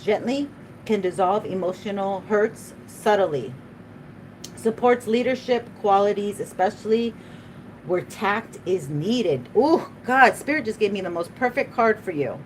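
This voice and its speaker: A woman's voice: mid-range voice, slight background noise, poor audio. Chatty emotional woman reading tarot. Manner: chatty, emotional, laughs often, speaks to spirit. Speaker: tarot reader.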